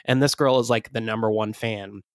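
A man co-hosting a podcast chats casually at a moderate pace, his lowish voice steady in tone as he rambles with lots of fillers and frequent laughs. The recording is dry, with clean studio sound.

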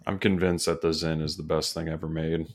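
A man's voice: extremely low pitch, little pitch movement, a little fast. A man in his thirties, a podcast co-host telling laid-back, sweary anecdotes in casual chat. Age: 30s.

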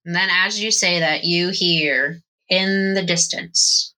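A woman narrating as game master of a tabletop game, animated and slipping into quick character voices. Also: fairly low pitch, rough recording.

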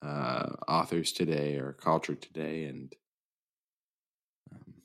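A man co-hosting a casual podcast, rambling and trailing off mid-thought in a sleepy, low-key way. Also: flat delivery, takes it slowly, gravelly, fairly bright tone. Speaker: podcast co-host.

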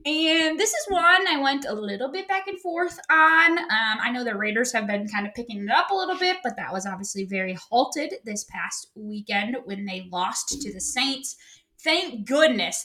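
A woman's voice: on the high side, animated, normal speed, bright, forceful tone. A woman co-hosting a podcast, talking in a chatty, playful way and often breaking into giggles. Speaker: podcast co-host. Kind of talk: casual sports chat.

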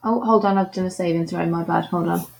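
A woman playing a tabletop game who describes her goblin's actions in a quick, casual way. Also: fairly low pitch, steady tone, vocal fry, slightly rough. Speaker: player.

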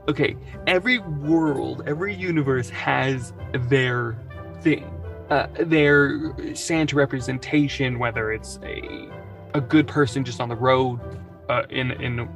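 A man's voice: medium pitch, steady tone, unhurried, creaky, over music. A man narrating a tabletop game as game master, rambling and laughing often between lines.

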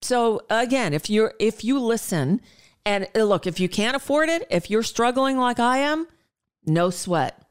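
Her talk radio monologue is casual and rambling, an exasperated woman in her sixties who keeps restarting and slipping in asides. She has a fairly high, expressive voice, clear and resonant, at a measured pace.

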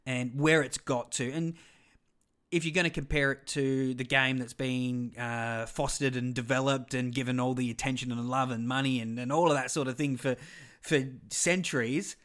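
A man's voice: medium pitch, steady tone, moderate pace, fairly bright tone, clean tone. An Australian man in his thirties hosting a solo podcast, talking in a rambling, self-deprecating way full of digressions. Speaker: podcast host.

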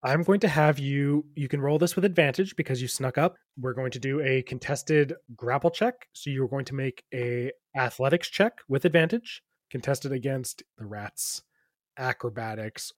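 A man narrating a tabletop game as game master, descriptive and relaxed, often laughing. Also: mid-range voice, moderate pace, no room sound, clean studio sound.

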